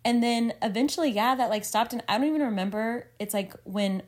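A woman's voice: on the high side, brisk. A woman in her thirties co-hosts a casual faith podcast. She talks earnestly and at length, full of filler words, and she gets emotional easily. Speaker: podcast co-host.

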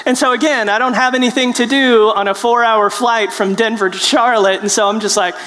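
A man, a preacher telling a personal story in an animated, self-deprecating way with halting restarts. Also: very high-pitched, big-room sound. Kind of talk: storytelling testimony.

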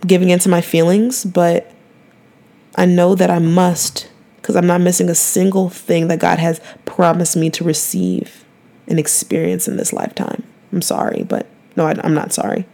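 Woman, podcast host, slangy, earnest, fairly low voice. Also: normal speed, gravelly. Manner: chatty, earnest, slangy, with animated bursts. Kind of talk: casual faith podcast chat.

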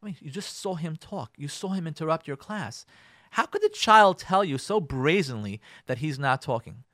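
A man's voice: on the high side, moderate pace, no room sound, clean studio sound. A man speaking as a rabbi in a radio talk on marriage, acting out both sides of family quarrels and using Hebrew and Yiddish words. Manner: animated, acts out both sides of arguments.

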